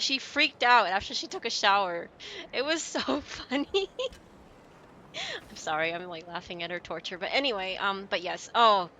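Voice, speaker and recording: A woman's voice: fairly low pitch, bright, forceful tone, slight background noise. A woman streaming a game, chatting with viewers in a giggly, rambling way and telling stories. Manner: chatty, giggly, tells anecdotes. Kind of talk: casual chat with stream viewers. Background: game music.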